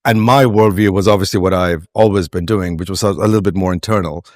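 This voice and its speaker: Pakistani man, guest in an interview, lowish voice, dry close sound, thinks aloud and circles back. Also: steady tone, fast talker, a little mellow, no echo. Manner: reflective, meandering with frequent restarts and fillers. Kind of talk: conversational interview.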